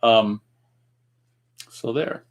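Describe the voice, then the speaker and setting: A man co-hosting a casual show, chatting and reading viewer comments aloud in a relaxed way. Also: mid-range voice, very slow. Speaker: radio show co-host reading chat comments. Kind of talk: casual chat.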